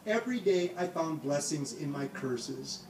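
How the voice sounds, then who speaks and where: A man's voice: on the high side, lively intonation, measured pace. A man telling a personal story on stage with comic timing, acting out the dialogue. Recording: echoey room, heard from a distance, audible noise.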